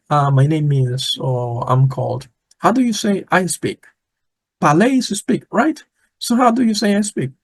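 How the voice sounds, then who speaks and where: Slow-paced man teaching a language lesson. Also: on the high side, darkish tone, dry recording, low-quality recording. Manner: patient, repeats words slowly and clearly.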